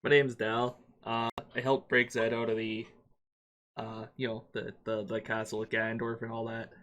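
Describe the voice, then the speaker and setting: A man voicing a friendly Canadian ally in a tabletop game, with an over-the-top Canadian accent and a folksy, halting manner. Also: medium pitch, completely flat delivery, fairly bright tone, natural voice. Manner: folksy, hesitant. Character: friendly Canadian man who works with the Sheikah. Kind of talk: tabletop role-play.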